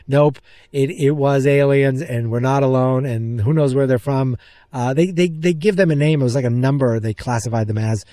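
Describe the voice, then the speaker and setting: A man hosting a podcast, excitedly retelling a film's scenes in a rambling, casual way. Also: medium pitch, normal speed, no echo, studio quality. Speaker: podcast host. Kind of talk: casual movie recap.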